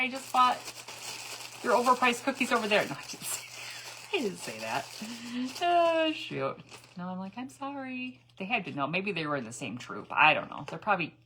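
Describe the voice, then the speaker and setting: A middle-aged woman chats through a crafting live stream, greeting viewers by name between rambling stories. Her voice is bright and sharp, with a pitch that jumps around a lot. She laughs often as she talks. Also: a little hiss or hum, low-quality recording. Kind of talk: chatty storytelling while dyeing eggs.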